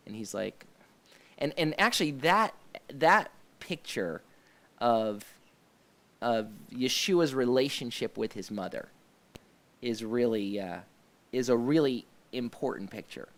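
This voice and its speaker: A man's voice: mid-range voice, animated, slow, fairly bright tone. A man hosts a casual discussion about a faith-based series. He rambles, trails off and restarts his sentences, with plenty of fillers along the way. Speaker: host of a church discussion show.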